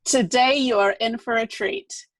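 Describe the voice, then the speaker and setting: A woman's voice: on the high side, steady tone, unhurried, no room sound, low-quality recording. A woman with a New Zealand accent, playfully introducing a guest speaker. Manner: playful, upbeat.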